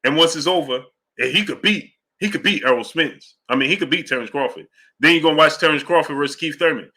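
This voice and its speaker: A man hosting a casual boxing livestream, rambling loosely between fan shout-outs and fight talk. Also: fairly high pitch, fast talker. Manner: loose, rambling, drifts off track. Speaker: host of a live boxing show. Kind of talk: casual livestream chat reading super chats.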